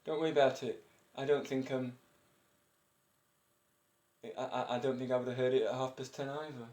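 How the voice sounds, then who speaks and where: A man's voice: medium pitch, fairly even intonation, moderate pace, a little mellow. A breathless man in his fifties, chatting in a rambling, eccentric way and chuckling often as he talks to camera. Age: 50s. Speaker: vlogger. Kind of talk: casual personal monologue. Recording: roomy echo.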